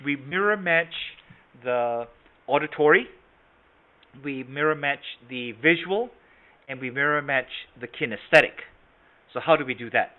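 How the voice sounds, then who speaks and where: A man leading an online sales training session. He talks interactively, calling participants by name and asking "right?" and "okay?", and he shifts between a soft tone and a strong one to demonstrate his points. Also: medium pitch, measured pace, pauses often. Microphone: video call. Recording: tinny phone-like online call audio.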